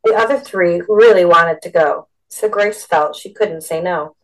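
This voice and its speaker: A woman reading a story aloud in a steady, expressive narration. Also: lowish voice, measured pace, poor audio.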